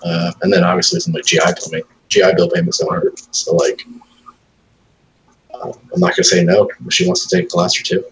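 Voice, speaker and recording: A man with a very low, deep voice chats casually with a friend. He rambles through stories, swears freely and slips into voices to mimic his pets. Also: fairly even intonation, fairly quick, a bit bright, a little hiss or hum, poor audio. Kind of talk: casual chat.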